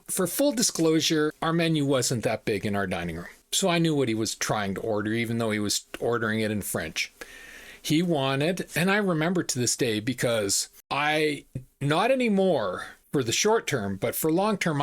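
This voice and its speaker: A man's voice: mid-range voice, big pitch swings, normal speed, a bit bright. A middle-aged man from Alberta, telling a personal story in a casual, indignant and profane way. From Alberta, Canada. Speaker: channel host.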